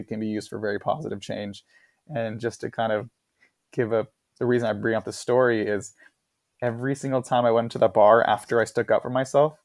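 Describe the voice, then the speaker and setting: A young man guest candidly recounting personal experiences in an interview, halting and repeating himself as he talks. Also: mid-range voice, vocal fry, no echo, studio quality.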